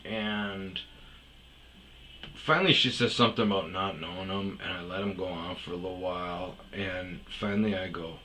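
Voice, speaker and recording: A man recounts a story in a loose, profane, rambling way. His voice sits low but comes across bright and forceful. He swears freely and often restarts his sentences. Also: fairly even intonation, moderate pace, slight background noise. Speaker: storyteller host.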